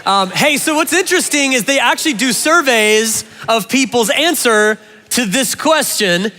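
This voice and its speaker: A man preaching a sermon to a church congregation, animated and playful, often addressing the audience directly. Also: high-pitched. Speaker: pastor. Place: large church hall. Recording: reverberant church hall.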